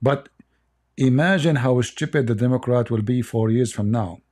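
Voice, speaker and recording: A man's voice: mid-range voice, moderate pace, darkish tone. A middle-aged man with an Arabic accent hosting a livestream, blunt, mocking and emphatic in his commentary. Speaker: livestream host.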